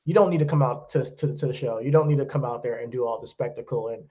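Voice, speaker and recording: A man's voice: medium pitch, quick pace, dark tone, highs cut off. A man co-hosting a podcast in casual chat, ranting bluntly and swearing freely. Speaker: podcast co-host.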